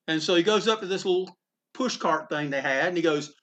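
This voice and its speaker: A man's voice: high voice, brisk, fairly bright tone, lo-fi sound. A man who owns a comic book store, telling anecdotes in a rambling, casual way with frequent restarts and some swearing. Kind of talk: anecdotal storytelling in a conversation.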